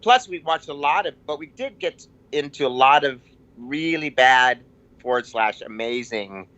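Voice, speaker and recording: A man guesting on a comedy podcast, rambling and halting in casual chat, with frequent restarts and self-mocking asides. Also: mid-range voice, animated, bright, forceful tone, dull audio.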